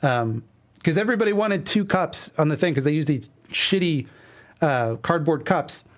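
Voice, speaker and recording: A man's voice: fairly high pitch, expressive, normal speed. A man streaming, reading his old webcomic aloud with wry, self-deprecating commentary. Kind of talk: casual commentary reading a comic.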